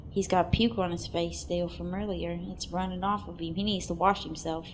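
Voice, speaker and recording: A woman's voice: on the low side, normal speed, slight background noise. Crude offhand woman narrating a cartoon. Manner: crude, offhand, bursts into excited exclamations. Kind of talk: casual comic play-by-play narration.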